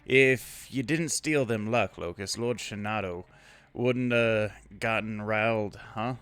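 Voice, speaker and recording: Guy doing a nasty masked villager in a game, sneery, slow, dry mic. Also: on the low side, fairly bright tone, clear, resonant tone, no echo. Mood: spiteful. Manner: sneering, accusing. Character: spiteful masked male villager, hostile. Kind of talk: reading game dialogue aloud.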